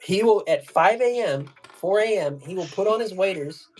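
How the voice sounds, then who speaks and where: A man's voice: high-pitched, animated, moderate pace, a little hiss or hum. Man, casual livestream host type, rambling and slangy. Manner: rambling storyteller, laughs while telling stories; loose slangy speech with many fillers. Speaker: fly and jig tier on a livestream.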